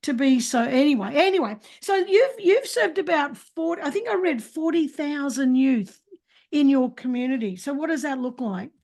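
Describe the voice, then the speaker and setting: A woman in her sixties hosting an interview, talking in an emphatic, animated way with frequent restarts. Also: sits high, normal speed. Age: 60s. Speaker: podcast host. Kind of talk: casual interview chat.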